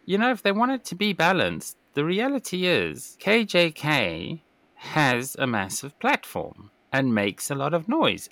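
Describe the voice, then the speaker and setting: Animated man hosting a podcast. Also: mid-range voice, dry recording. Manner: opinionated, animated, laughs often. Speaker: podcast host. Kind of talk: casual political commentary.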